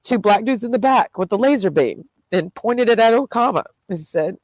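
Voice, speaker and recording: A woman's voice: mid-range voice, lively intonation, moderate pace, a little mellow, dry recording, poor audio. A tearful, distraught woman vlogging, swearing and repeating herself as she vents. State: crying. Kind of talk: emotional confessional vlog.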